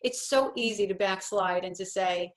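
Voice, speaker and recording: A woman's voice: medium pitch, moderate pace. A woman in her fifties hosting a casual coffee-talk monologue, telling stories in a rambling, self-deprecating way. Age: 50s. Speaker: host.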